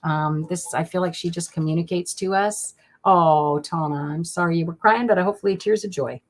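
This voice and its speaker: A woman's voice: lowish voice, normal speed. A woman hosting a live stream of card readings, talking in a chatty, gushing way with lots of fillers and restarts.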